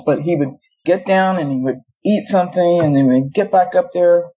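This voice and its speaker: Husky, mellow-voiced woman telling a story. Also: on the low side, moderate pace, few pauses. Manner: rambling, with many asides and self-corrections. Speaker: guest. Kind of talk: casual storytelling. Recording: dull lo-fi audio.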